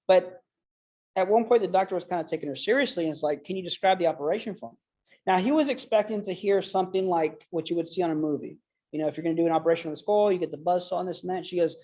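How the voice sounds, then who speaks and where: A man talks through a casual lecture in an earnest, rambling way, leaning on fillers and restarts. His voice sits low and mellow in tone. The recording is dull and lo-fi. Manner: emotional retelling. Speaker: apologetics speaker.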